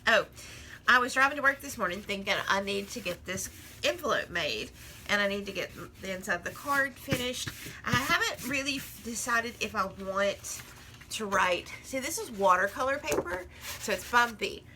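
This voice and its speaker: A woman's voice: fairly high pitch, animated, normal speed, background noise. A woman in a casual crafting vlog, chatting and rambling while she works, often laughing at herself. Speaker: crafting vlogger.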